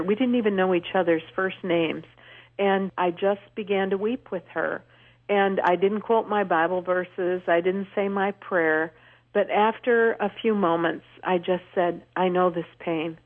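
Heard over a tinny telephone line, an older woman guesting on a radio phone-in shares stories a little slowly in a mid-range voice. Her storytelling is earnest and warmly emphatic.

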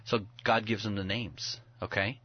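Earnest low-voiced man preaching. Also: steady tone, measured pace, husky, no echo, muffled recording. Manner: earnest, scripture-quoting, conversational. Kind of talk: preaching on a talk show.

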